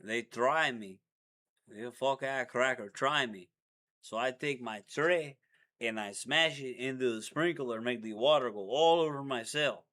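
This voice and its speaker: A man's voice: mid-range voice, unhurried, a bit bright, lightly acted. A man putting on a boastful Tijuana ex-con. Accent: put-on Mexican Spanish. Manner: rough street slang, broken grammar.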